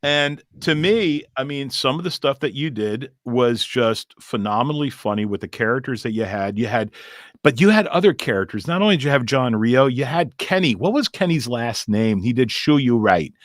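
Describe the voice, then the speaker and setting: A middle-aged man, a comedian hosting a podcast, telling stories in a lively, laughing way. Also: mid-range voice, normal speed, no room sound, clean studio sound. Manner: animated, laughing, acts out quotes. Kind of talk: casual storytelling interview.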